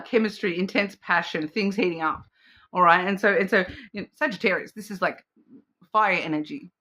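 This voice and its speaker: Bright-voiced chatty woman. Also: fairly low pitch. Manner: chatty and rambling, with frequent fillers, self-restarts and laughs; acts out playful quoted voices. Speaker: card reader. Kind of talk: casual intuitive card reading to camera.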